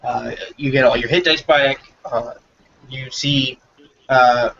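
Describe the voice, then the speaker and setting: A man's voice: medium pitch, steady tone, takes it slowly, vocal fry, a bit bright, lo-fi sound, slight background noise. A man running a tabletop game as game master, narrating loosely with lots of fillers.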